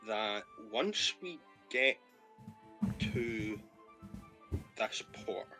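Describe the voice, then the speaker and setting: Tentative, bright-voiced male player. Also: fairly low pitch, low-quality recording. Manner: tentative, questioning. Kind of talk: casual chat at a tabletop game.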